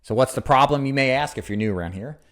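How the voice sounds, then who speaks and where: A man's voice: medium pitch, fast talker. Upbeat man coaching sales by phone. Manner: energetic, laughs at own jokes, demonstrates inflection. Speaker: sales trainer. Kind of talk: coaching commentary on a recorded sales call.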